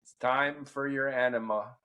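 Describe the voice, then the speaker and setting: A man voicing a brusque, bossy female nurse in a joke, with drawn-out commands. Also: medium pitch, steady tone, sharp tone, lo-fi sound.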